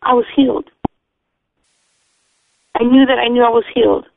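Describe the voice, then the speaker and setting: A woman telling her personal testimony in an earnest, excited storytelling manner, acting out the voices of others. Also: a little high, normal speed, gravelly, dry recording. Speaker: testimony speaker. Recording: dry, tinny phone-like radio sound.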